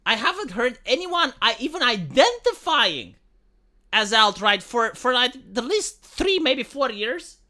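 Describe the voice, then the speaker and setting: Bright, lively-voiced woman streamer. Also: a little high, measured pace. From Romania. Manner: rambling, with many restarts and swearing. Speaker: live streamer. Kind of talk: casual livestream commentary.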